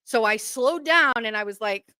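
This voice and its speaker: A woman tells a story on her own show, lively and quick to act out everyone's lines. Her voice sits a little high and sounds bright and forward. The recording is close and dry. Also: clear, resonant tone, no echo. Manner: animated, acts out quoted voices. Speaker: podcast host. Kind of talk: casual storytelling.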